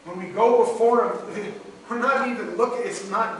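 A man's voice: high voice, moderate pace, a bit bright, a little hiss or hum. A middle-aged man preaching a sermon as pastor, emotional and swelling in volume as he speaks. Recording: very echoey hall, distant mic.

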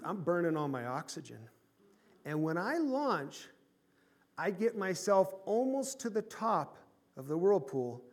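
A pastor in his forties, high-voiced, tells a personal story during an animated sermon, swinging from loud bursts to hushed tones.

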